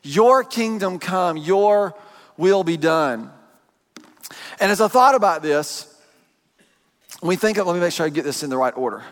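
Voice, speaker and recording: A man preaching a sermon, telling a personal story in an animated, joking way to his congregation. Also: high voice, a little slow, pauses often. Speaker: pastor. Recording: long hall reverb.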